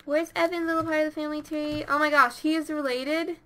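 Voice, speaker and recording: A woman giving casual let's-play commentary, chatty and easily excited, talking straight to her game characters. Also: high-pitched, quick pace. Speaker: gameplay commentator.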